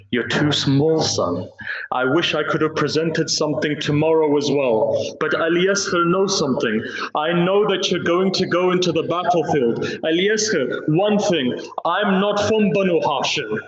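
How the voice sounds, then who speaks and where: A man reciting a slow, grieving Muharram sermon in a mosque, telling a story with quoted speech. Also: a little high, slight background noise. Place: mosque hall. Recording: roomy, dull hall recording.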